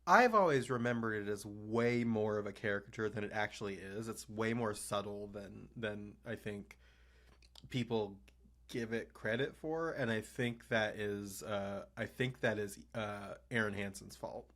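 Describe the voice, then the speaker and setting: Male co-host, lowish voice, loose rambling chat. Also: measured pace, a bit bright. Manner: rambling, many likes and restarts. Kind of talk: casual chat.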